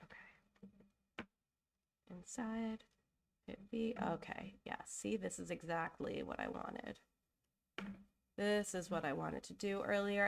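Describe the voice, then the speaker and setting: A woman's voice: mid-range voice, slow pace, vocal fry, pauses often. A young woman, getting over a cold, hosting a live design stream in a casual, chatty way and thinking aloud with fillers and self-corrections. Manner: openly emotional and apologetic.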